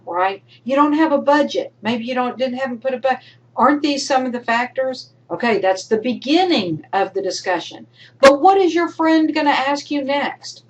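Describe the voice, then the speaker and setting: A woman's voice: fairly high pitch, expressive, normal speed, poor audio. A woman college instructor giving recorded feedback to her students, emphatic and coaching, sometimes acting out imagined student voices. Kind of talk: recorded lecture to online students.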